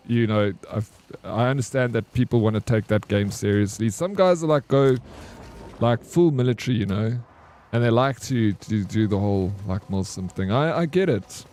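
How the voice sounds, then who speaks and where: A man's voice: on the low side, darkish tone. A young man, chatting casually with his stream while playing a game, slangy and laid-back. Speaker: gaming streamer.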